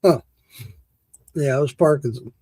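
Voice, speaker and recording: A man's voice: on the high side, a little slow, a little mellow, breathy edge, no room sound. A man hosting a casual chat, telling stories with laughs and swearing, acting out quotes. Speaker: podcast host.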